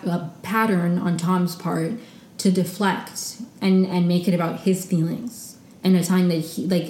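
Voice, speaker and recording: A woman's voice: fairly low pitch, dark tone, echoey room, rough recording. A young woman hosting a casual solo recap podcast, chatty and opinionated, with frequent "like" fillers. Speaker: podcast host recapping reality TV.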